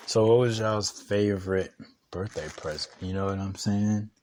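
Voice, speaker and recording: A man's voice: lowish voice, steady tone, unhurried, darkish tone. A young man telling stories on a podcast in a casual, slangy way, laughing often and rambling with restarts. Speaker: podcast co-host. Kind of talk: casual storytelling chat.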